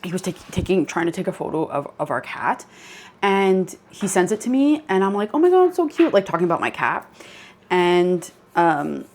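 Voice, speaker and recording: A woman's voice: fairly low pitch, moderate pace. A young woman hosting her channel, casually telling a ghost story with lots of "like" fillers. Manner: chatty, many "like" fillers, laughs while telling. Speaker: channel host.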